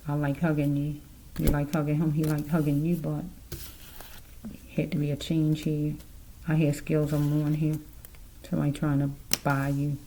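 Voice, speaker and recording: Low, flat-voiced woman reading tarot cards. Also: normal speed, long pauses, slight background noise, poor audio. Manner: rambling, musing aloud, addresses the listener directly. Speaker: tarot card reader. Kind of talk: casual spiritual card reading.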